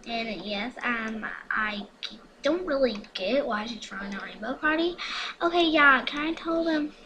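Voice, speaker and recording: A woman's voice: on the high side, animated, unhurried, background noise. A woman recording casual gameplay commentary at home, hyper and chatty, with frequent whispered asides. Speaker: gaming vlogger.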